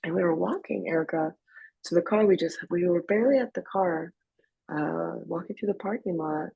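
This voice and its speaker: Gravelly low-voiced woman from Afghanistan. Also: no echo, lo-fi sound. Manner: candid, emotional, halting with restarts. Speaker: interview guest. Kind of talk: personal testimony storytelling.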